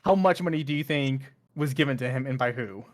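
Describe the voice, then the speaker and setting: A player in a tabletop game chatting excitedly, swearing and laughing often. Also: mid-range voice, brisk, slight background noise. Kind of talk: casual tabletop banter.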